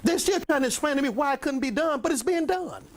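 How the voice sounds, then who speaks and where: An older man, a pastor telling a rambling, animated story in a sermon to his congregation, often clearing his throat and coughing. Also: very high-pitched, fast talker. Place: church meeting room with a congregation.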